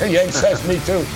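A middle-aged man hosting a sports radio show, talking bluntly and rambling about betting and football. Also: high voice. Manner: rambling, blunt, keeps saying "big man". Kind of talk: casual sports betting talk.

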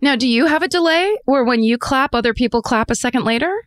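A woman's voice: sits high, quick pace, no echo, studio quality. A woman in her forties co-hosting a podcast from home over a video call, telling stories in a casual, laughing way. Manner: chatty storyteller, laughs often. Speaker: podcast co-host. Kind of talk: casual chat. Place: home room. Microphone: remote video call.

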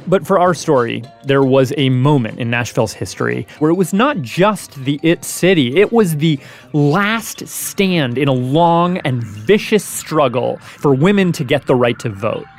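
A man narrating a radio history documentary in a lively storytelling manner. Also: fairly high pitch, measured pace, soft background music. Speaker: producer and narrator.

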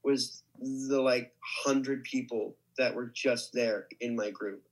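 A man's voice: mid-range voice, fairly even intonation, slow pace, rough recording. A young man, an actor, telling a story casually with lots of restarts and "like". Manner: rambling, many restarts and likes. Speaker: actor guest.

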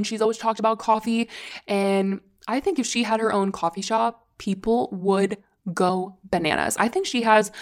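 A woman hosting a casual solo podcast, talking in a gushing, rambling way with lots of "like" and casual swearing. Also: mid-range voice. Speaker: podcast host.

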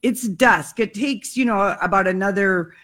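Relaxed woman co-host telling stories. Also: medium pitch, a little slow. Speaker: radio co-host. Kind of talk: casual chat.

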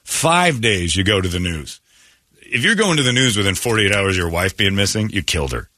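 Lively low-voiced radio host. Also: male voice, brisk, no echo, studio quality. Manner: animated storytelling with quoted voices. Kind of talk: casual talk radio banter.

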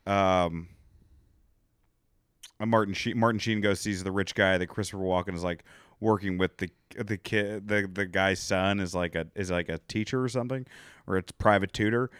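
Smooth-voiced rambling man on a podcast. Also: sits low, fairly even intonation, normal speed, a bit bright, no echo, clean studio sound. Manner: rambling, profane, acts out voices. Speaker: podcast co-host. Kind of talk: casual podcast banter.

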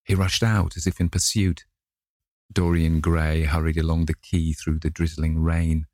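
A man narrating a classic novel in a measured way, lightly voicing the characters. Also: a bass voice, flat delivery, no echo, studio quality. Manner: measured reading, gently voices each character. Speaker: audiobook narrator.

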